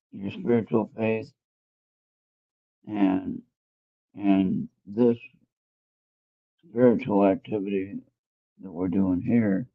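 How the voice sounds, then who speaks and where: Man, casual tarot show host, rambling self-talk, gravelly voice, tinny phone-quality recording. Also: fairly low pitch, no echo. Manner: rambling, talks to himself while fumbling with his phone. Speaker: tarot reader hosting an internet radio show. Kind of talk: casual live spiritual reading and chat.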